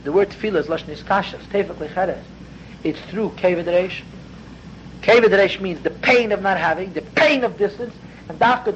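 A man teaching a Hasidic text class, explaining earnestly and growing more intense as he goes. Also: high-pitched. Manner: earnest, explanatory, dense with Hebrew and Yiddish terms; grows intense and raised toward the end. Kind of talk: spoken study lecture. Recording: dull lo-fi with faint background noise.

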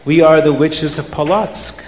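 A man's voice: on the high side, steady tone, normal speed, darkish tone, close to an everyday voice. A man voicing a pair of scheming, cackling female witches in a told story, taunting and boastful. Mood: indignant. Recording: roomy hall reverb.

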